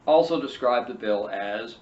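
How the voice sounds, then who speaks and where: A man's voice: medium pitch, lively intonation, normal speed, a little mellow. A man hosting a political podcast, reading an article aloud and cutting in with sarcastic, mocking asides. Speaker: podcast host. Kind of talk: read-and-react political commentary. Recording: roomy, distant, dull lo-fi sound with faint hiss.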